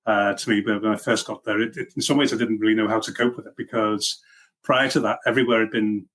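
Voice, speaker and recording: A middle-aged man from Liverpool whose accent is a blend of Liverpool and Welsh. He talks fast in a chatty, self-deprecating way, with plenty of fillers and false starts. He sounds like an interview guest telling his story. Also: fairly low pitch, fairly even intonation, fairly bright tone. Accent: mixed Liverpool and Welsh. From Liverpool, England. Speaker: guest, software engineering leader. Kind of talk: casual interview chat.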